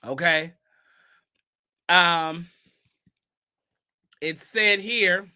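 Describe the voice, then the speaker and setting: A bright, high-pitched man hosts a casual gossip commentary. He reads posts aloud and answers them with sassy, emphatic rhetorical questions. His tone stays sharp and pointed throughout. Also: drawn-out words, clear, resonant tone.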